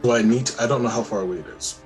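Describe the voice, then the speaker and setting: A man playing a tabletop game, chatty and quick to laugh, talking through his character's moves. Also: medium pitch, faint music behind, poor audio. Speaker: player. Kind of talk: casual tabletop play.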